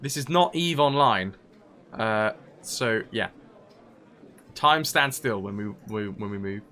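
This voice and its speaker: A man's voice: lowish voice, lively intonation, slow, pushed and bright. A man streaming a role-playing game, reading quest text aloud and joking with his chat in a casual, laughing way. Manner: joking, chatty, laughs often.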